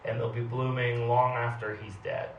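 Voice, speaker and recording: A man voicing a stubborn, defiant man shouting back firmly, recorded from a distance in a roomy space. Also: medium pitch, flat delivery, normal speed, lo-fi sound, slight background noise, lightly acted. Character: stubborn middle-aged man gardening, defiant.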